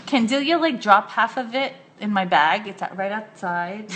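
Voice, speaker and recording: A young woman hosting a casual live-stream chat, gushing and excitable, laughing often. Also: mid-range voice, moderate pace, a little hiss or hum. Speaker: host.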